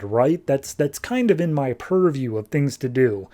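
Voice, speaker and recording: A man casually recapping a comic book issue on a podcast, retelling the plot loosely and tossing in quick offhand voices for the characters. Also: on the high side, animated, a little mellow. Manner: loose and chatty, with fillers and restarts.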